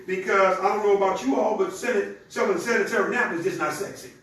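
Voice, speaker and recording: Pitching a product on a live stream, this presenter talks straight to viewers in an energetic, chatty way, fairly quickly and with few pauses. His voice is high and bright, captured from afar in a very echoey room with faint background noise.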